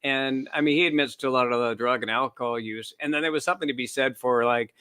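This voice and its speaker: A man's voice: medium pitch, quick pace, pushed and bright, clear, resonant tone, no room sound. A man, the guest on a podcast, chatting casually and telling anecdotes with frequent laughs. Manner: storytelling, laughs often. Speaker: guest author.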